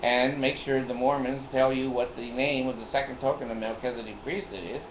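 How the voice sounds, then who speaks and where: An older man vlogs a meandering personal story in a steady, medium-pitched voice that runs a little fast. He chuckles a lot and tends to repeat himself. Expect a roomy, dull, lo-fi recording carrying a faint hiss.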